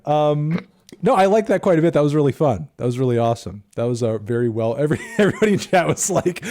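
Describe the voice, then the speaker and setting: A man's voice: a little high, animated, a little fast, dark tone. A man in his thirties giving casual livestream commentary as a music reviewer, sarcastic and profane, rambling with many fillers.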